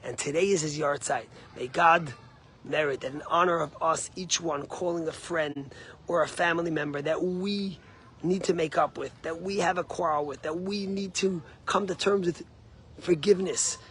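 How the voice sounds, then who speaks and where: A man with a high, light voice giving a short sermon as a rabbi. He tells his story earnestly, pressing some lines loudly and letting others fall quiet. A faint hiss of noise sits under him. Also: moderate pace. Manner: emphatic and rising at the start, then quiet and earnest.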